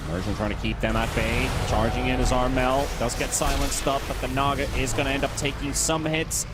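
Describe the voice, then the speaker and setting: A man calling a live video game match as play-by-play caster, his voice climbing and getting louder in the fights. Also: steady tone, loud music behind the voice. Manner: rapid calls that climb in pitch and volume during fights.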